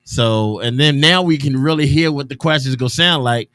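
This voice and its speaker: A man hosting an afternoon radio show in casual talk, loose and chatty with drawn-out hesitations and restarts. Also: medium pitch, a bit bright, dry recording, studio quality. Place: radio studio.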